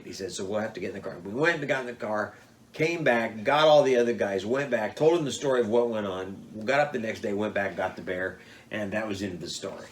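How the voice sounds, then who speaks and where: An older man telling old hunting stories in a lively way, jumping up in pitch when he acts out what people said. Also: a little hiss or hum. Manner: animated, acts out quotes with big pitch jumps. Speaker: storyteller.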